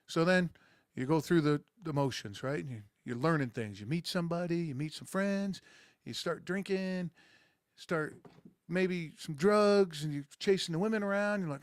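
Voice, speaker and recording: This man's voice is fairly high and animated, moving at normal speed in clean studio quality without echo. He's a middle-aged podcast host from rural America delivering a casual monologue that rambles, crude and sarcastic.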